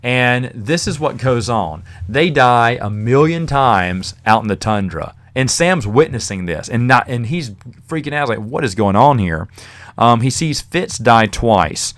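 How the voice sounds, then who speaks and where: A man's voice: medium pitch, animated, a little slow, a bit bright. A man hosting a podcast, casually reviewing a novel in a rambling, chatty way with fillers and the odd chuckle. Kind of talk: casual spoken book review.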